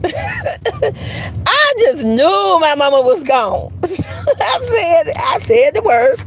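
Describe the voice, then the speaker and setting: A woman, chatting with livestream viewers and telling stories in a lively way, laughing often. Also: very high voice, drawn-out words, long pauses, a little hiss or hum, rough recording. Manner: animated, chatty, laughs often, addresses viewers as "you guys". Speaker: YouTuber on a livestream. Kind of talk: casual livestream storytelling to viewers.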